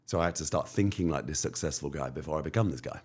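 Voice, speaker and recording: British entrepreneur guest, very deep voice, punchy motivational delivery. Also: male voice, fast, darkish tone, slightly rough. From United Kingdom. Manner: emphatic, motivational, repeats phrases. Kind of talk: podcast interview.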